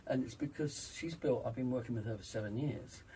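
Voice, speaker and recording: A man's voice: medium pitch, fairly quick, mellow, far from the mic, slight background noise, poor audio. A man working as a vocal coach, speaking emphatically in an interview and demonstrating vocal sounds. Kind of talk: interview, teaching voice exercises.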